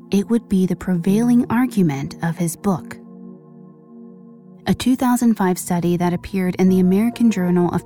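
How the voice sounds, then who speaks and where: A woman narrating a scripted true-crime story with measured pacing and dramatic pauses. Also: lowish voice, dark tone. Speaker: podcast narrator.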